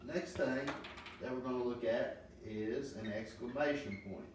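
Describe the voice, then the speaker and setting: Male teacher, patient, halting delivery full of ums, far from the mic in a roomy space with faint hiss. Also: medium pitch. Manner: slow, patient explaining with many ums. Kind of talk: classroom grammar lesson.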